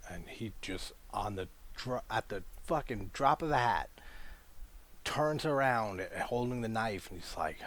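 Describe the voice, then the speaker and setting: A man with a very low voice talks through a horror sequel he loves. He is casual and enthusiastic, swearing freely and retelling scene after scene. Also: lively intonation, measured pace, fairly bright tone, slight background noise. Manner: enthusiastic, swears casually, acts out quoted dialogue. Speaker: horror film reviewer. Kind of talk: casual film discussion.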